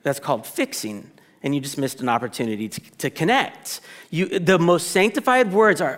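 A man preaching a sermon to a congregation in a conversational, animated way, often restarting his sentences and acting out quoted reactions. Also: sits high, normal speed. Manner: conversational, animated, self-interrupting, with playful quoted asides. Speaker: pastor.

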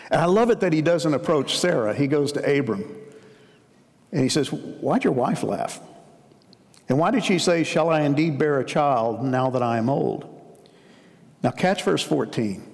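A man preaching a sermon as a pastor, telling stories in a conversational way. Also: medium pitch. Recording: long hall reverb.

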